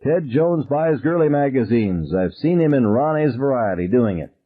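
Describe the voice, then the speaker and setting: A man's voice: medium pitch, expressive, normal speed, narrow, tinny audio, pitched above the performer's own voice, lightly acted. A man voicing a gleeful, eager teenage girl who tattles. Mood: merry. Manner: merry and eager.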